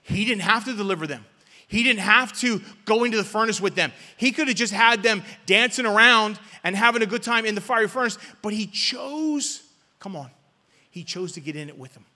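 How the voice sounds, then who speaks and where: Male preacher with a high, bright voice, call-and-response sermon, long church reverb. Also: animated, fairly quick. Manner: call-and-response preaching, swings from loud to hushed. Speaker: guest pastor. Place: church sanctuary.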